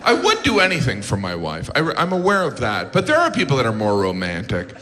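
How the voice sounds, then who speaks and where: Deadpan middle-aged stand-up comedian. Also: male voice, mid-range voice, a little fast. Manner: deadpan, exasperated asides. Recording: stage mic in large echoey theater. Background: audience laughter.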